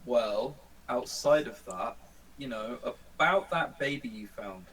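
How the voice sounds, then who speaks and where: A man's voice: medium pitch, animated, takes it slowly, a bit bright. A man playing a tabletop game, hesitant and joking with many fillers. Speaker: player. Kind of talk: casual tabletop game chat. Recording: distant mic with faint noise.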